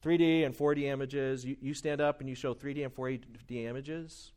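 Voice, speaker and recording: A man preaching a sermon, emphatic, repeating his key questions and swinging between loud stresses and quiet asides. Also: mid-range voice, fairly even intonation, brisk.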